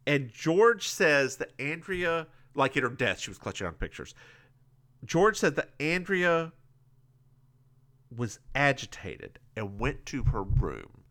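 A man's voice: medium pitch, big pitch swings, slow pace, bright, forceful tone. A man co-hosting a podcast, recapping an episode in casual chat, campy and giggly, acting out bits of dialogue. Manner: campy, giggly, acts out quotes. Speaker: podcast co-host.

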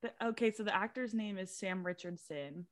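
A woman's voice: mid-range voice, fairly quick, dry recording, clean studio sound. A woman co-hosting a podcast in casual chat, recapping a TV episode, laughing often and acting out quoted lines. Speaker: podcast co-host.

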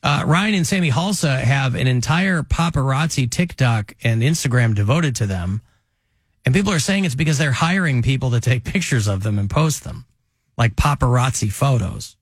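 A man hosting a radio talk show, chatting casually with rambling, animated asides. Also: mid-range voice, moderate pace, dry recording, clean studio sound. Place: radio studio.

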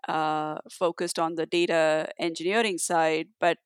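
A woman guest in a conversational interview, talking in a halting way with many fillers and restarts. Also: deep voice, flat delivery, clean tone, no room sound, clean studio sound. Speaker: guest, tech leader.

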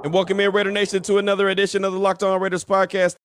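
A man's voice: high voice, monotone, rapid-fire, heavy background noise. A man hosting a sports podcast, casually running through news reports. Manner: casual, chatty, reads reports aloud. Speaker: podcast host.

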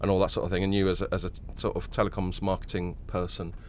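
A man's voice: low voice, level tone, quick pace, a little mellow, a little hiss or hum. A man hosting a podcast, chatting casually with a nasal, tired voice after a late night, rambling and joking with lots of fillers and restarts. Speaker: podcast host. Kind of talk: casual chat.

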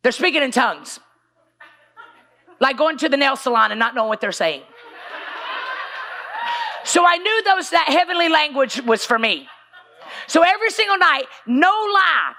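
A woman pastor, preaching a sermon as emotional storytelling and often shouting for emphasis. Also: sits high, very animated, moderate pace, pauses often. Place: church stage.

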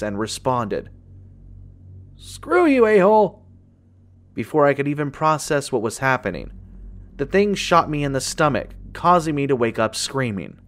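A man reads a first-person horror story at an even, measured pace, in a mid-pitched everyday voice. Soft music plays quietly behind his narration. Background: faint music.

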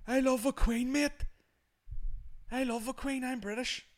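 Brief: man putting on a loud, high, swaggering loyalist bloke. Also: fairly even intonation, a little slow. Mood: brash. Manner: brash, loud, proud. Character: brash flag-waving male loyalist mocking caricature.

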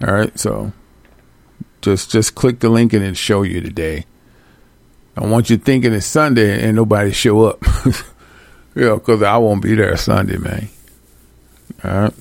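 A man hosting a livestream, talking casually and bluntly with profanity and loud, high-pitched outbursts. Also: measured pace, creaky, long pauses, dry recording. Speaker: livestream host.

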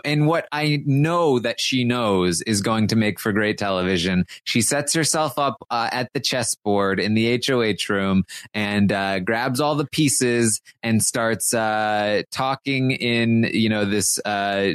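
A man's voice: fairly low pitch, a little slow, fairly bright tone, no room sound. Casual man recapping with dry close sound. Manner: laid-back, many fillers, mimics quotes. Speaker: podcast co-host.

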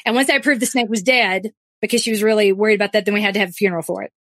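A woman co-hosting a podcast, telling a lively story in a casual chat, quick and full of restarts. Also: medium pitch, dry recording. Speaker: podcast co-host.

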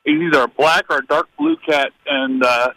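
A man's voice: medium pitch, fairly even intonation, normal speed, bright, forceful tone, dry recording, poor audio. A man calling in to a radio show, stumbling and repeating words as he talks. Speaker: caller. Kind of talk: phone-in comment.

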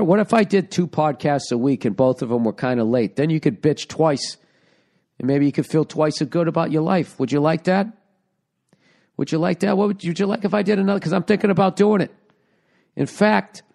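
A middle-aged man talks straight into the mic on his own podcast, rambling from story to story. He swears constantly and turns sarcastic, and his voice sits at an ordinary middle pitch. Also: a little mellow. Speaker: podcast host. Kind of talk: casual profane monologue. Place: home.

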